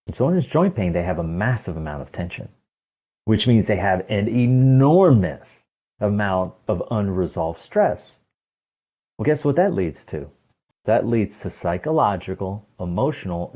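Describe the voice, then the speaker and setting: A man's voice: sits low, breathy edge. A man speaking as a podcast guest, explaining emphatically and often asking rhetorical questions. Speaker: podcast guest, stress coach. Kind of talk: explanatory interview talk. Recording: tinny phone-like line.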